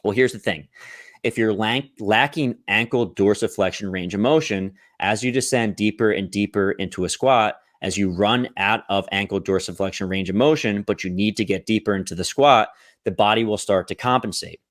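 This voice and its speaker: A man's voice: fairly low pitch, normal speed, dry recording, clean studio sound. A man coaching on exercise technique, explaining step by step and checking in often with the listener. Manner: explanatory, checks in with "right?" and "okay?". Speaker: fitness coach.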